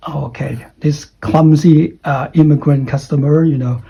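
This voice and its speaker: A man's voice: on the high side, steady tone, a little slow, gravelly, few pauses, mellow, slightly rough, rough recording. A man teaching an online English lesson who corrects common errors, spells words out letter by letter and keeps checking in with "okay?".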